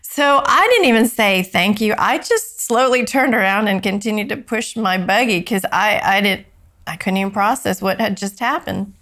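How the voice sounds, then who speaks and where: A woman guest on an interview show, slowly and softly telling a personal story, her voice dropping low and tearful when moved. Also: lively intonation.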